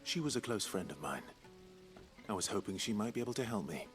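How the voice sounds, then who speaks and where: A man voicing a refined male companion in a video game, speaking in a measured way. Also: on the low side, expressive, faint music behind, lightly acted.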